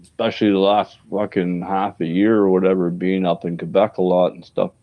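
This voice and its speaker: A man's voice: low-pitched, flat delivery, a little fast. A man from Canada and the American South in casual podcast chat, laid-back and swearing freely, laughing often. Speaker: podcast host. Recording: dull lo-fi sound.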